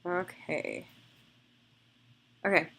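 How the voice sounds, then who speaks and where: Young woman with a low, gravelly voice, casual tutorial host. Chatty and gushing, thinks aloud while editing. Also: very slow, fairly bright tone. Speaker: photographer demonstrating photo editing. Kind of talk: casual screen-recorded tutorial.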